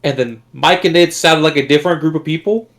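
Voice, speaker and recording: A man's voice: fairly high pitch, fast talker, a bit bright. A man playing a tabletop game, talking plans through plainly. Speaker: player. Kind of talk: casual tabletop game chat.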